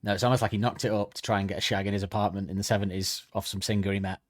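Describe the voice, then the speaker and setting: A man's voice: fairly low pitch, little pitch movement, racing, dry recording, clean studio sound. A young man co-hosting a podcast in casual comedic chat, rambling with crude jokes. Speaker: podcast co-host.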